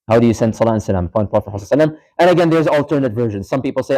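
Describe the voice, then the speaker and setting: Fast-talking male teacher quizzing a class. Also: mid-range voice, animated, dark tone, low-quality recording. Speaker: Islamic studies teacher. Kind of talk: live classroom lecture with prayer demonstration. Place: mosque classroom.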